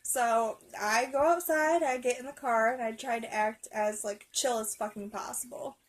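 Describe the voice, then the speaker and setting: A woman's voice: on the high side, moderate pace, low-quality recording. A young adult woman telling a rambling storytime vlog story, swearing constantly and laughing as she goes. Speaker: vlogger. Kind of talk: casual storytime.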